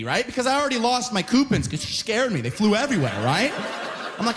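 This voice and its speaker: A man's voice: very high-pitched, very animated, fast talker, fairly bright tone, slight background noise. A young Canadian man doing stand-up comedy, telling rambling stories and tagging lines with "right?". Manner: rambling storytelling, frequent "right?", playful.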